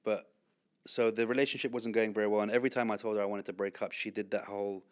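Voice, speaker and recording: A man's voice: fairly low pitch, fairly even intonation, fast talker, clean tone. Man hosting a playful podcast chat. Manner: playful, teasing storyteller. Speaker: podcast host. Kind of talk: casual interview chat.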